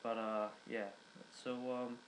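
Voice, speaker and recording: A man's voice: medium pitch, little pitch movement, slow, slight background noise, poor audio. A young man giving a casual recap, rambling with many fillers and restarts. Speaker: wrestling reviewer.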